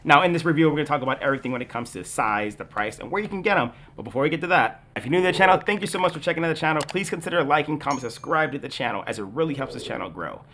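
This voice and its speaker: Fast-talking man reviewing a toy. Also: fairly high pitch, lively intonation, fairly bright tone, slight background noise. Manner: enthusiastic, chatty, addresses viewers directly. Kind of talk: product review vlog.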